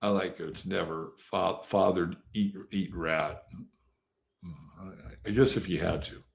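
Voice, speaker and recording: A male host chats loosely with his live viewers, wandering from one comment to the next. His voice is low and full of gravelly fry. He talks at an unhurried, drawn-out pace. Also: steady tone. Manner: rambling and chatty, with many fillers and sudden jumps in loudness. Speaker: astrology show host. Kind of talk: casual live-stream chat, greeting viewers.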